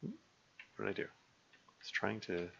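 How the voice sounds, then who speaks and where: A low-pitched man talks through his game stream in a loose, rambling way, stumbling over words and chuckling. His voice has a bright, forward edge. The recording sounds a little dull. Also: sing-song, gravelly, slight background noise. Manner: rambling, halting, many fillers and restarts, chuckling. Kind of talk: casual let's-play commentary.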